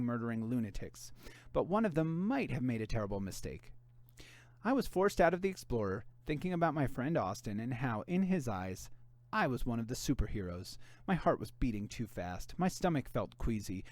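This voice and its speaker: A man, a volunteer reader, narrating a first-person mystery novel aloud in an expressive way. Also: medium pitch, dry recording.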